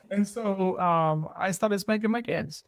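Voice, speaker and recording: A man's voice: high-pitched, no echo. A middle-aged man hosting a podcast, chatting casually and joking about his own parenting. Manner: relaxed, joking, chuckles through his stories. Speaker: podcast host. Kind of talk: casual chat.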